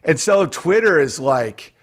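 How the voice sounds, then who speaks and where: Animated, profane guest with a Central New York accent. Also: male voice, fairly high pitch, unhurried. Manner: animated, profane, storytelling with mimicked voices. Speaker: podcast guest. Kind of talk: casual podcast chat.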